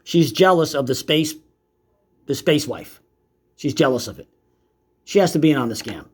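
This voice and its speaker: Man, casual video commentary, sarcastic, mocking, somewhat high voice. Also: lively intonation, normal speed, breathy edge. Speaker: YouTube commentator.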